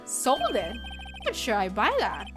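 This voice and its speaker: A woman's voice: medium pitch, huge pitch swings, unhurried, over music. A woman voicing a young male defense lawyer who questions witnesses with dry asides. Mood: probing.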